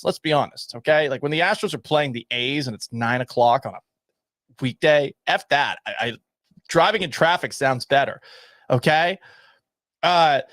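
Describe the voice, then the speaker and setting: Sarcastic sports radio host, dry studio sound. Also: male voice, a little high, a bit bright, no room sound. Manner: opinionated, sarcastic, laughs at himself. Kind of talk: solo sports talk radio, reading listener texts. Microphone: studio microphone at a mixing board.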